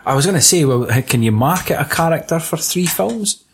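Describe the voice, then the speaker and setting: A man's voice: fairly high pitch, animated, a little fast, a little hiss or hum. A man with a Scottish accent, co-hosting a casual film podcast, swearing and laughing through jokey banter. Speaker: podcast co-host.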